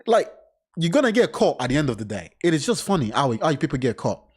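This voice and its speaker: A man with a somewhat high voice doing casual reaction commentary on a crime case. He reads passages aloud, then breaks off into blunt, profanity-laden remarks. His talk is loose, animated and unscripted. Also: quick pace, slightly rough. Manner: blunt, swears often, animated side remarks.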